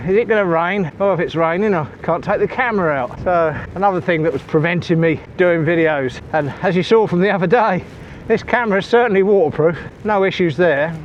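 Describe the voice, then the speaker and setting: A man's voice: sits high, lo-fi sound. Breathless man vlogging from a bike. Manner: chatty, talks to viewers while cycling. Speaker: cycling vlogger. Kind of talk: casual vlog talk while riding. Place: outdoors on a bike. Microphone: small wireless clip-on mic. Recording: faint outdoor noise.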